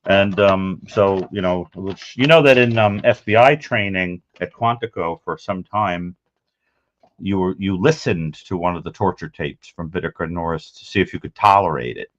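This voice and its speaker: A man with a very low, deep voice talks through his collection of crime memorabilia in casual show-and-tell chat. He rambles in an unhurried, matter-of-fact way. The audio is muffled and lo-fi.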